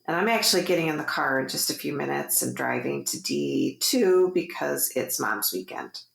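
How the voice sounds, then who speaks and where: A woman in her forties, co-hosting a podcast, telling stories in casual, animated chat. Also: low voice, moderate pace, gravelly, reverberant. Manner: chatty, animated storyteller. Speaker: podcast co-host.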